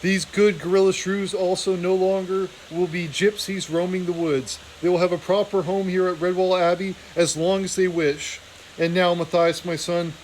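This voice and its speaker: A man reading aloud, voicing an old male abbot mouse who is dying, gentle and fatherly. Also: high voice, a little hiss or hum, natural voice, low-quality recording.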